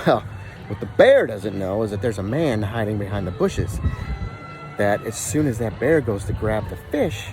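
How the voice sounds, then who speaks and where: A man telling a long joke outdoors in an animated storytelling manner. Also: on the low side, fairly quick, music in the background. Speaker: joke teller.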